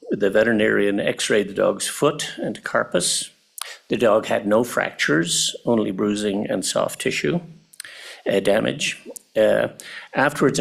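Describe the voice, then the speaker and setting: Older Irish man, gravelly, plain-spoken public testimony with dry understatement. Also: mid-range voice. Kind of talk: committee testimony.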